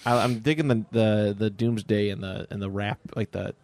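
An easygoing man co-hosts a podcast and answers in short, halting bits of casual chat. His voice sits on the low side, and the sound is dry and close. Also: fairly even intonation, darkish tone, no room sound. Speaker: podcast co-host.

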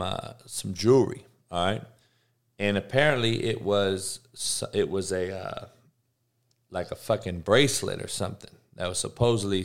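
A man hosting a podcast, ranting casually with heavy swearing, rambling tangents and loud bursts of disbelief. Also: medium pitch. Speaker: podcast host. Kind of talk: casual sports podcast rant.

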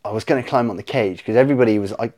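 A man, a podcast guest telling animated stories in casual chat, swearing freely and acting out his own reactions. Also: fairly low pitch, racing.

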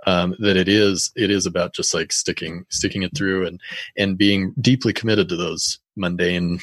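A man's voice: deep voice, fairly even intonation, normal speed, a bit bright, no echo. A man co-hosting a podcast, responding in a thoughtful, affirming way. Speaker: podcast co-host. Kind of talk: casual podcast chat.

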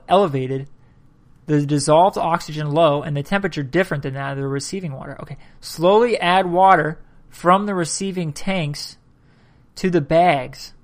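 A man hosting a casual solo podcast, tired and yawning, reading sources aloud haltingly and commenting as he goes. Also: a little high. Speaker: podcast host.

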